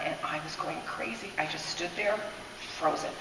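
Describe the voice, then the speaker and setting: A woman's voice: lowish voice, fast talker, a little hiss or hum. A woman telling a personal testimony in church, in emotional, breathless storytelling. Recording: echoey hall, speaker far from mic.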